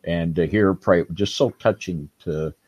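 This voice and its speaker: A man earnestly sharing a memory at a prayer meeting, speaking slowly. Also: low voice, a little mellow, breathy edge, no echo. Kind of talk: casual sharing.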